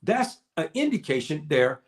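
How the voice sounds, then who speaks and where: A man's voice: fairly high pitch, sing-song, normal speed. A man with an African American accent giving a spoken lecture to online viewers, preacherly and repeating his points. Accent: African American English. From United States. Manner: preacherly, repeats "brothers and sisters" and "okay".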